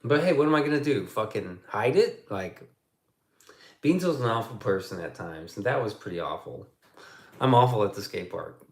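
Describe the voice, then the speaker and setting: A man's voice: fairly low pitch, animated, moderate pace, darkish tone, roomy sound. A man chatting casually on his livestream, swearing a lot and rambling through stories. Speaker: streamer.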